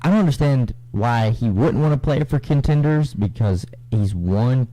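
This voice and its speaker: A young man co-hosting a casual radio sports talk show, reading standings in a relaxed, drawling way. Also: medium pitch, normal speed, poor audio. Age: young adult.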